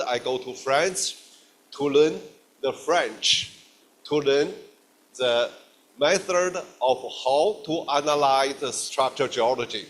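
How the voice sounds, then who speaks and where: Middle-aged Chinese-accented man, slow halting guest lecturer, lots of fillers. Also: medium pitch, fairly bright tone. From China. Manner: halting, many fillers and restarts.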